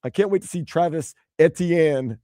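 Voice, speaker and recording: A man's voice: on the high side, normal speed, warm tone, no room sound, studio quality. A man from Louisiana hosting sports radio, playful and joking, leading into the headlines. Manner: playful, swings his voice up and down. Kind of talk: casual radio banter.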